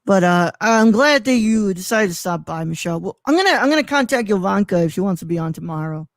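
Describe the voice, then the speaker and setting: A man's voice: high-pitched, animated, fast talker, no room sound. A man co-hosting a live stream, chatting casually and rambling with lots of fillers. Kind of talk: casual chat.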